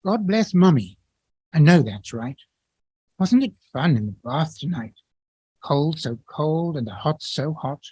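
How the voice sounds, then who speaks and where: A man's voice: fairly high pitch, expressive, a little slow, a little mellow, husky, no echo. A man reading aloud a small boy's bedtime prayers in a lilting, rhythmic verse recitation. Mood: innocent, chatty. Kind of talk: poetry reading in a lecture.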